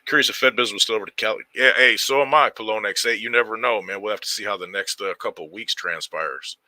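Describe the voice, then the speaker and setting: A low-pitched man with a sharp, bright edge to his voice chats loosely with his viewers and greets them by name in street slang. The sound is dry and close, with no room around it. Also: fast talker, dry recording. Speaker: livestream host. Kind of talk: casual livestream chat reading viewer comments.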